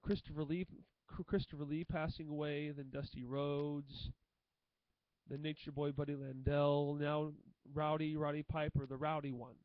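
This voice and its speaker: Young guy vlogging, kinda high voice, stumbles and repeats himself a lot, dry muffled sound. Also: little pitch movement, no room sound. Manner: halting, repeats phrases and restarts often. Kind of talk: emotional tribute monologue to camera.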